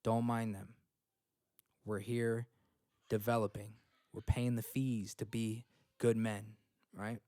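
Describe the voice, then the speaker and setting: Here the young home-based self-help podcast host speaks in a fairly low, flat voice with a dark tone, moving slowly and pausing often. His motivational talk is blunt and full of swearing, punctuated by repeated "okay?" and "right?" check-ins. It's a dry, clean studio recording.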